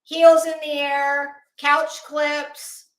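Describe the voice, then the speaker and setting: A woman's voice: high-pitched, flat delivery, drawn-out words, roomy sound. A woman hosting a casual live commentary stream, chatting with viewers in a gossipy, sarcastic way and laughing often. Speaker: YouTube commentary host.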